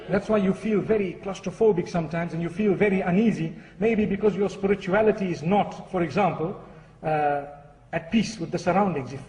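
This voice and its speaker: High-voiced man preaching in an echoey hall. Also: warm tone. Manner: earnest, storytelling. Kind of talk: sermon with a humorous story. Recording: echoey hall, far from the mic.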